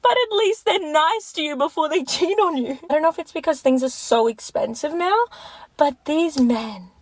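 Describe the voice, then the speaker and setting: A woman's voice: high-pitched, animated, normal speed, dry recording, low-quality recording. A young woman ranting to camera, exasperated and swearing freely. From Australia. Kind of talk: casual rant to camera.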